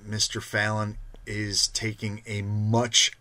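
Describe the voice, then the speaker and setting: A man's voice: lowish voice, completely flat delivery, takes it slowly, sharp tone. A man co-hosting a live sports card show, thanking sponsors and plugging upcoming boxes in a casual, upbeat way. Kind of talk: casual live-stream chat.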